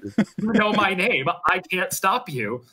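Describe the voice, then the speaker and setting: A man's voice: sits high, very animated, measured pace, crowd noise, voice pushed up. A man voicing a boastful ancient fae king who is grandly amused, speaking theatrically and laughing as he talks.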